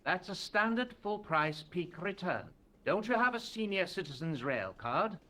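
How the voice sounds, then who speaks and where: An actor playing a chatty, jovial train ticket inspector. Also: male voice, high-pitched, lively intonation, a little slow, bright, forceful tone, exaggerated voice.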